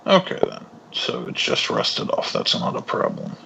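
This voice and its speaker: A man playing a tabletop game, speaking in a relaxed, matter-of-fact way. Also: moderate pace, noisy background. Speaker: player. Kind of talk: casual tabletop game chat.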